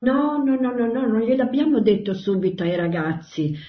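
A woman's voice: fairly high pitch, expressive, fairly quick, muffled recording. A woman from Italy recalling hard times in an interview, audibly moved as she speaks. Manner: emotional, moved while recalling. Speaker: interview guest. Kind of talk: emotional personal recollection.

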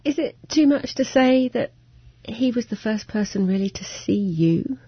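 A woman narrating and asking calm, measured questions as the interviewer in a broadcast interview. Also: on the high side, breathy edge, no room sound, dull audio.

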